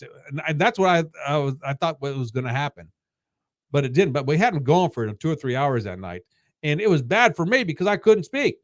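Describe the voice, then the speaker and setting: A man in his fifties, a podcast guest, telling casual stories in a halting way that repeats words. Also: on the high side, sing-song, no echo, clean studio sound. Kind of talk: casual storytelling.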